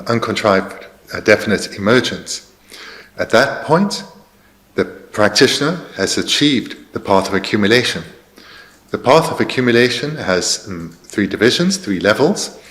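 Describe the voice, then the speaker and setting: A man translating a Buddhist dharma teaching in a careful, measured way, pausing with fillers as he searches for precise terms. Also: fairly low pitch, fairly bright tone. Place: meditation centre teaching hall.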